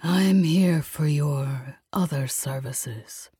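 A woman voicing a gaunt, eerie male stranger in a slow, raspy whisper. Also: sits low, dark tone, no echo, studio quality, exaggerated voice. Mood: soothing.

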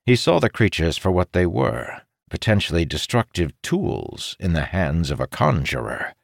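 Low gravelly guy reading a fantasy audiobook, lots of expression, dry close mic. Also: normal speed, dry recording. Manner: expressive, dramatic storytelling. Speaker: audiobook narrator.

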